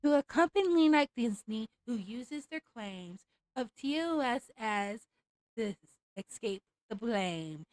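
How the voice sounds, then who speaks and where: A woman's voice: on the high side, very animated, slow pace, no room sound, rough recording. A woman streamer ranting in a casual, blunt and profane way over a live game stream.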